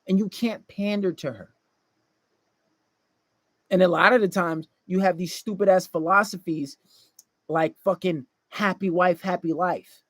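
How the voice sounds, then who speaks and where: A man's voice: sits high, no room sound. A man delivering a blunt, profane dating-advice monologue to male listeners, often mocking the people he quotes.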